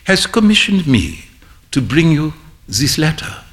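An actor playing a courteous old gentleman with a slight French accent, speaking formally. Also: a little high, sing-song, unhurried, exaggerated voice. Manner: formal, polite.

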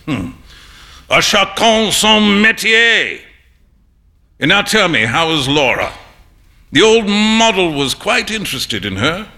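A man reading an audiobook, voicing an amused, worldly young male painter with breezy, teasing, drawn-out emphasis. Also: high-pitched, sing-song, bright, forceful tone, pitched above the performer's own voice, exaggerated voice. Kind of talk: audiobook narration.

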